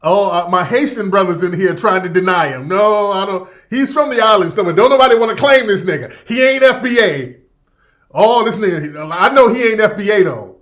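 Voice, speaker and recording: A man's voice: high voice, animated, brisk, fairly bright tone. A man in a casual livestream rant, emphatic and profane, repeating his points over and over. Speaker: livestream commentator.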